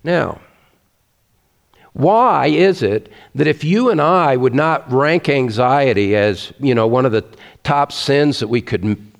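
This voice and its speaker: A man's voice: mid-range voice, lively intonation, takes it slowly, creaky, long reverb tail. A man preaching a sermon, earnest and emphatic, repeating his key points.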